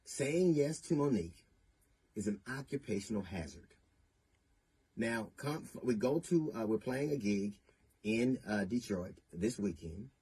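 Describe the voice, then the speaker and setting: A middle-aged man, a comedian, giving a deliberate, emphatic public statement that builds to indignation. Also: on the low side, animated, warm tone, breathy edge. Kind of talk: public statement answering accusations.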